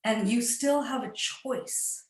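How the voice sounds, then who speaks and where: A woman's voice: a little high, slow, darkish tone. A middle-aged woman telling a personal story in an earnest, upbeat way, laughing often. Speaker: facilitator. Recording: echoey room.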